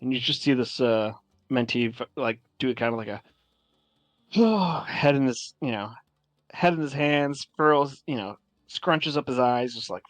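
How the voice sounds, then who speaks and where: A man's voice: mid-range voice, normal speed, dry recording. A man narrating a tabletop game as game master, casual and rambling with many fillers.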